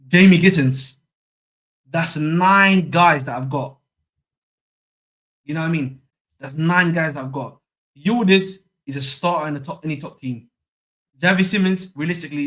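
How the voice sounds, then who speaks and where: A man's voice: fairly high pitch, a bit bright. A young man hosting a football fan stream, chatting casually, repeating himself and using slang. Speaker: football channel host. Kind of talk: casual live-stream chat.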